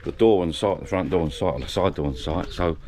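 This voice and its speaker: A man's voice: sits low, a little fast, background noise. A man walking and talking out of breath, chatting casually as he shows a renovation on a handheld camera. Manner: chatty, rambling, with restarts. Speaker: vlogger showing a renovation. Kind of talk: casual walk-and-talk vlog. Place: outdoors walking, then inside a building site.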